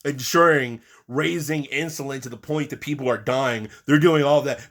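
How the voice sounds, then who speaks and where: A man in an angry political rant, profane and exasperated, mocking and swinging between loud outbursts and low muttering. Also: normal speed, hardly any pauses. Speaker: political commentator.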